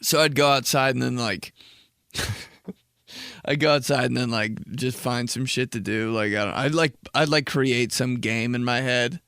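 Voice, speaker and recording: A man's voice: medium pitch, normal speed, a bit bright, smooth, no room sound, clean studio sound. A man in his twenties hosting a podcast, talking in a rambling, slangy, casual monologue full of swearing. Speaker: podcast host.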